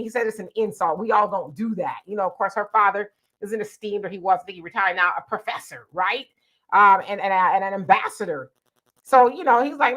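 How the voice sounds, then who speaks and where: A woman with a bright, forward voice, pitched a little high, hosting a live discussion. She talks loosely and conversationally, drops in fillers and quotes people in quick asides. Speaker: host. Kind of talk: casual political commentary.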